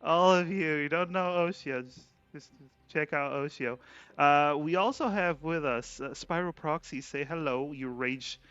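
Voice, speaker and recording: Slow-talking relaxed male game master. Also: fairly high pitch, clear, resonant tone, no room sound, highs cut off. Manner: relaxed, rambling, laughs often. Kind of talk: casual chat before a tabletop game stream.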